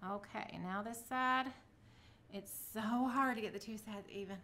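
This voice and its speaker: Middle-aged woman, casual craft vlog, self-encouraging chatter, bright tone. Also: a little high, fairly even intonation, a little slow, slight background noise. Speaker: craft vlogger.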